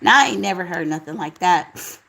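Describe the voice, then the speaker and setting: A woman hosting a casual live chat, reading out viewer comments and answering them in a relaxed, talkative way. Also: on the low side, normal speed, creaky, poor audio. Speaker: livestream host reading chat.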